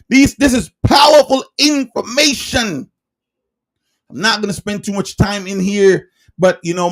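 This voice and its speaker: Man, high voice, livestream preacher, emphatic, rhetorical questions, occasional shouting. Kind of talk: livestreamed sermon.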